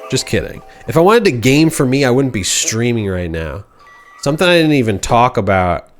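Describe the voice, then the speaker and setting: A man's voice: medium pitch, lively intonation, normal speed, soft background music. A man hosting a game livestream, telling a goofy story in casual slang, rambling with restarts. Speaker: livestream host.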